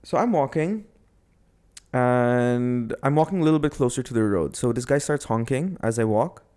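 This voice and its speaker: Brief: mid-pitched male podcast host, rambling anecdote, casual and jokey. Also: expressive, moderate pace, warm tone, clean tone. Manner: rambling, self-correcting, jokey. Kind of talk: casual chat, storytelling.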